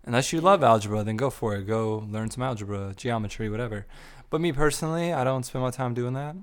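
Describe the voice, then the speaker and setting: A man co-hosting a podcast, musing out loud in a playful, relaxed chat with his partner. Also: mid-range voice, fast, smooth. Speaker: podcast co-host. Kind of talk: casual chat.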